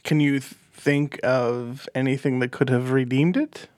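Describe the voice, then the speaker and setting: A man co-hosting a casual movie podcast, asking quick questions and swearing casually. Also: mid-range voice, fairly even intonation, darkish tone, clean tone, dry recording, clean studio sound. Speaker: podcast co-host. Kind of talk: casual chat.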